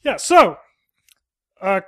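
A man hosting a casual podcast from home, retelling a film in a rambling, profane, animated way. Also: sits high, very slow. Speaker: podcast host.

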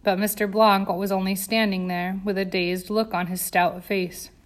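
Woman audiobook reader, mid pitch, tense dramatic narration. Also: little pitch movement, normal speed.

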